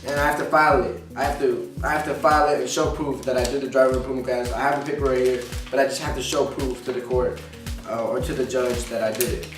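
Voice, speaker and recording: This vlogger is a fast-talking man whose mid-range voice barely moves in pitch. Frustrated and swearing heavily, he rants in a casual vlog style, repeating his points over and over. Faint music plays in an echoey room, picked up by a mic set far away.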